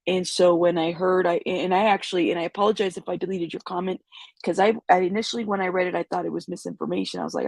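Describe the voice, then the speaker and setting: A woman hosting a casual livestream, raspy and congested from a cold, rambling and greeting viewers in the chat. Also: on the low side, fairly even intonation, fast talker, dry recording. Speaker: YouTube news host.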